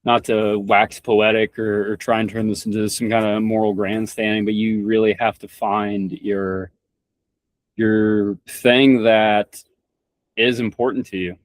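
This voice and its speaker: A man's voice: fairly low pitch, flat delivery, measured pace, dry recording. Young man from Kentucky, rambling. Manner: rambling, frequent restarts and stammered repeats; blunt, swears freely. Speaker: podcast guest. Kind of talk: casual conversation.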